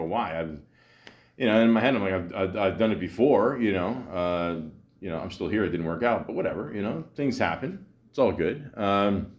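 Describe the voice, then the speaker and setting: Low-voiced rambling sarcastic man. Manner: rambling, sarcastic, many fillers and stammered restarts. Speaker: podcast host. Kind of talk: casual monologue.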